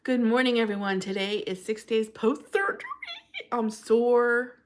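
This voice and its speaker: A woman's voice: on the high side, steady tone, unhurried, slight background noise. A woman hosting a casual livestream, chatting and greeting viewers by name in a bubbly way. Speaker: livestream host.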